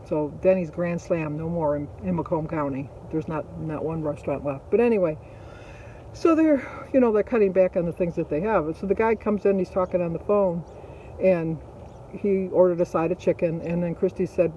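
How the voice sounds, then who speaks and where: High-voiced man. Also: moderate pace, mellow, dull audio, a little hiss or hum. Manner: chatty, rambling, with frequent fillers. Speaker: vlogger. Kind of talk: casual storytelling.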